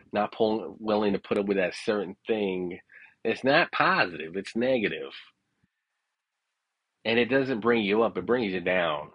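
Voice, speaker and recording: A man's voice: on the low side, no room sound, lo-fi sound. A man telling a rambling personal story in a casual, profane way. He keeps checking in with his listeners and laughs at his own tale. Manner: rambling, profane, frequent "you know what I'm saying".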